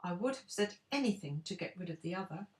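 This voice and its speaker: An older woman voicing a timid little old man who pretends to be a wizard, croaky and sheepish, in a storybook reading. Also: fairly low pitch, animated, fast, darkish tone, roomy sound, natural voice. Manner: sheepish, fumbling.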